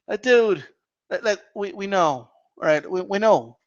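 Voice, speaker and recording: A man with a high voice hosts a casual live Q&A stream. He rambles loosely and swears freely, and the sound is dull and lo-fi. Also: measured pace. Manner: rambling and profane.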